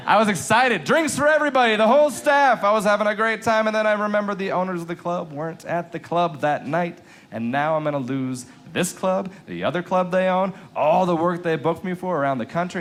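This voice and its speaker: A man performing a stand-up comedy set on a club stage, telling a story with lively swings in pitch for the excited parts. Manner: animated storytelling, jumps up high in pitch for excited bits.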